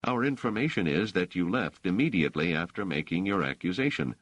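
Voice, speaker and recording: A man voicing a stern police officer who questions suspects in a flat, probing, faintly sarcastic way. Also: low-pitched, brisk, no echo, pitched above the performer's own voice. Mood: interrogating. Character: stern male police officer, coolly interrogating.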